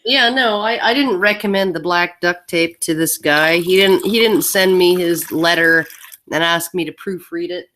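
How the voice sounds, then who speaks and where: Low-voiced dry sarcastic woman co-host. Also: moderate pace, fairly bright tone. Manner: dry, sarcastic, hesitant restarts. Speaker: podcast co-host. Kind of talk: casual chat.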